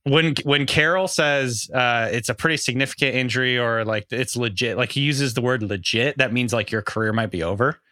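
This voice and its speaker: Bright-voiced man explaining fantasy football. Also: medium pitch, fairly quick, few pauses, no room sound, clean studio sound. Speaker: podcast co-host, fantasy analyst. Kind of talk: casual sports chat.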